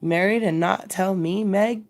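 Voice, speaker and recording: A woman's voice: on the low side, a little slow, vocal fry, darkish tone. A woman reading as a gushing, good-humored matron. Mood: effusive. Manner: gushing, emphatic. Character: good-humored middle-aged woman, effusive neighbor.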